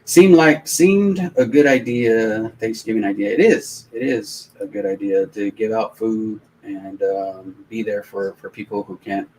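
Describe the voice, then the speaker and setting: A man hosting a live stream, telling a long, rambling anecdote in casual, animated talk with many restarts. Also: fairly low pitch, a little slow, few pauses, slight background noise, poor audio. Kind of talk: casual storytelling on a live watch-along stream.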